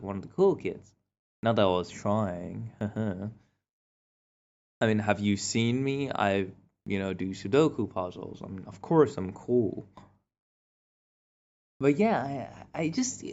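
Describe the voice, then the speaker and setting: A man's voice: lowish voice, darkish tone. A man telling a casual storytime monologue in a rambling way, full of fillers and restarts. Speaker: vlogger. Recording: dull lo-fi recording.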